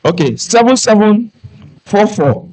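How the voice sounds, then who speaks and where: A man's voice: high-pitched, big pitch swings, measured pace, dark tone, poor audio. A man from Cameroon with a Cameroonian Pidgin English accent doing live stand-up comedy and making a fundraising appeal, joking and breaking into snatches of hymns. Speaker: event entertainer and fundraiser.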